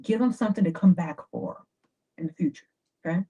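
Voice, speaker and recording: A woman giving dating advice in a chatty, animated livestream talk. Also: lowish voice, a little fast, husky. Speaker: advice host. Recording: dull lo-fi sound.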